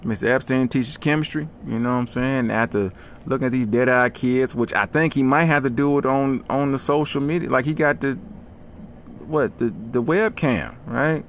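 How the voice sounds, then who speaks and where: A man hosting a comedy podcast, telling stories in an animated, slangy, mock-aggressive rant. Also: mid-range voice, normal speed, a little hiss or hum. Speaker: podcast host.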